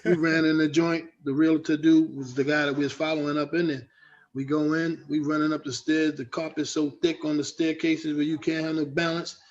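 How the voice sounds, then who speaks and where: A middle-aged man sits as the guest rapper on an interview show, telling stories in a loose, slangy way. He slips into other people's voices as he goes. His voice sits a little high, and the recording sounds dull and lo-fi. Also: level tone, fairly quick. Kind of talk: casual storytelling in an interview.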